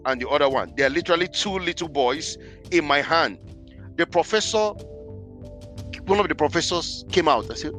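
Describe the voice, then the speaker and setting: A man, a podcast guest, telling his life story in an animated, emphatic way. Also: fairly high pitch, moderate pace, long pauses, faint music behind. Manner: animated, emphatic, acts out scenes. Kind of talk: personal storytelling in conversation.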